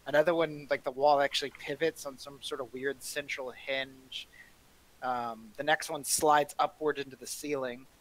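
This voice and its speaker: A man running a tabletop game as dungeon master, describing rooms in a casual, halting way over voice chat. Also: mid-range voice, fairly even intonation, fairly bright tone, rough recording.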